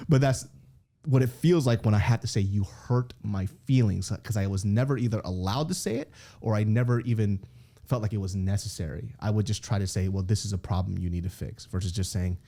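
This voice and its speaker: A man's voice: on the low side, quick pace. A man in his thirties, a comedian being interviewed, telling candid stories with lots of laughing, swearing and acted-out quotes. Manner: animated storyteller, swears freely, laughs often, acts out quotes. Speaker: guest comedian.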